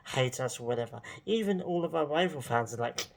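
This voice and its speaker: A man with a gravelly, creaky voice vents in a rambling vlog rant. He sounds exasperated and sarcastic, with lots of ums and restarts as he picks his words. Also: medium pitch, animated, a little fast. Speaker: football fan vlogger. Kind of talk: casual ranting monologue.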